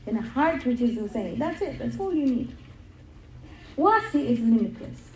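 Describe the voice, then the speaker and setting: A woman's voice: fairly high pitch, sing-song, moderate pace, darkish tone, echoey room, slight background noise, poor audio. A middle-aged woman giving an earnest religious talk, telling stories and repeating words for emphasis. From England. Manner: earnest storytelling with emphatic repetition. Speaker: religious speaker.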